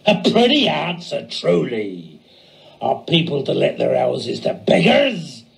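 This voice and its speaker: A man's voice: fairly high pitch, big pitch swings, slow, creaky, pitched below the performer's own voice, full character voice. A man doing a cold grasping landlord. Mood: demanding. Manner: cold, demanding. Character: harsh grasping landlord uncle.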